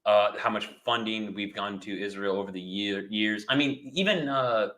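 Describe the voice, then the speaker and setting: A man's voice: fairly low pitch, moderate pace, fairly bright tone. A man speaking as a podcast guest, rambling with many fillers and restarts. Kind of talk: casual chat.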